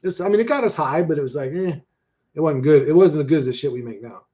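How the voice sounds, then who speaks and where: A man in his forties chatting casually on a livestream, slangy and profane, laughing often and swinging between mumbling and loud bursts. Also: on the high side, big pitch swings, quick pace. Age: 40s.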